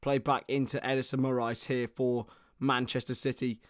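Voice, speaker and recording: A young man giving excitable live football play-by-play on a stream, his voice starting to go hoarse, greeting viewers between plays. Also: medium pitch, normal speed, no echo, clean studio sound. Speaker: football watchalong host.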